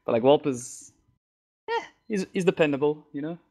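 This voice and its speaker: A man from South Africa, a guest on a gaming podcast, talking in a relaxed, mumbly way with plenty of fillers. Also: on the high side, normal speed. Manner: laid-back, mumbly, lots of fillers. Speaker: podcast guest, esports player. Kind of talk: casual interview chat.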